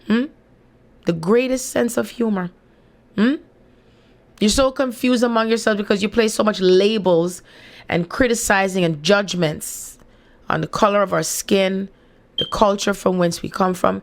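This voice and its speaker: Jamaican woman, gravelly voice, forties, emphatic, repeats herself, rhetorical asides. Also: on the high side, moderate pace, long pauses. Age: 40s. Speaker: spiritual channel host. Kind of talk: casual monologue with read-aloud passages.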